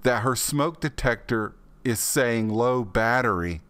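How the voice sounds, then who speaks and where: A man's voice: mid-range voice, measured pace, a bit bright, clear, resonant tone, natural voice. Casting: man retelling as a courteous, unsure electrician, plain everyday voice. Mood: polite puzzlement. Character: polite, puzzled male electrician. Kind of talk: casual storytelling.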